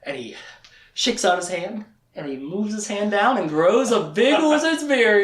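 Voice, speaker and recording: Animated man in an echoey room. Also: high voice, crowd noise. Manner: animated, acts out characters' lines in quick quoted voices. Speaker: podcast host. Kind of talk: casual book recap.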